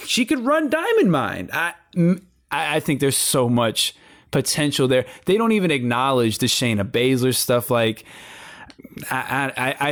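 A man on a wrestling discussion panel, talking casually and with energy, often stumbling and repeating words as he builds his point. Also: a little high. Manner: animated, repeats words when excited, slangy.

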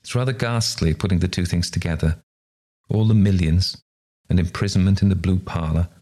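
A man voicing a wry gentleman friend who muses slowly with a hint of mystery. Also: deep voice. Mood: musing. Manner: musing, slow and odd.

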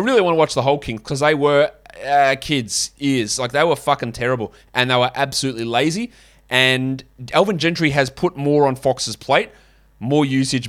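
A man's voice: medium pitch, a bit bright. Male host, solo podcast, casual and blunt with frank opinions and loose swearing. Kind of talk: solo basketball fantasy podcast.

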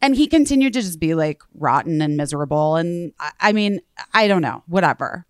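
Animated low-voiced woman telling stories. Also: brisk, smooth, no room sound, clean studio sound. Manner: animated, swears freely, acts out both sides of conversations. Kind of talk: casual chat, storytelling.

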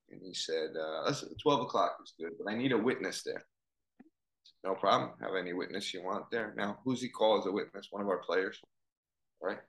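Animated man telling a story. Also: lowish voice, echoey room, poor audio. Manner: animated storyteller, acts out dialogue. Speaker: football coach. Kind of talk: storytelling in casual conversation.

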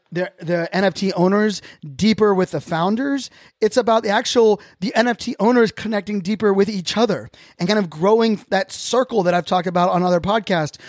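A man with a notably high voice delivers a casual podcast monologue. He speaks earnestly and reflectively, often restarting his sentences as he thinks aloud. The sound is dry and close, with no room echo. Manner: earnest, openly reflective, talks in loose restarts. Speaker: podcast host.

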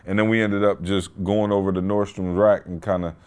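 A man co-hosting a casual podcast, telling stories in an animated way and laughing often. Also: lowish voice, a little fast, clean tone. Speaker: podcast co-host.

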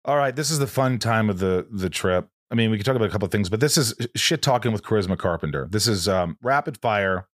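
A man's voice: lowish voice, expressive, quick pace, hardly any pauses, no echo, studio quality. A man hosting a podcast interview, talking in a rambling, casual way, often restarting his sentences and swearing now and then. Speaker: podcast host.

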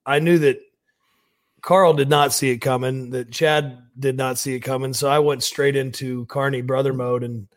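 A man talks bluntly and confidently as a guest in a casual interview, swearing freely. His voice sits at an ordinary middle pitch. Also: flat delivery, moderate pace. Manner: blunt, profane, confident talker. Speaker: pro wrestler guest.

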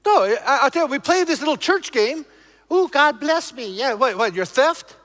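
A male pastor preaching emphatically to his congregation, shifting between loud exhortation and low, intense passages. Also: big pitch swings, normal speed, in a large hall. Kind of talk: preaching a sermon.

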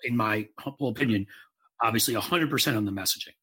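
A man with a husky, breathy voice co-hosts a casual political chat. He speaks in an opinionated, emphatic way and swears now and then for punch. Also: medium pitch, quick pace, sharp tone. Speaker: podcast co-host.

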